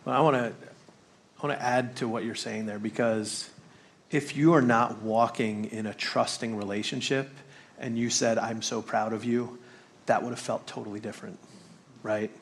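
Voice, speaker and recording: Emphatic male panelist, gravelly, mid-pitched. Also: steady tone, moderate pace, slight background noise. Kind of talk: panel discussion.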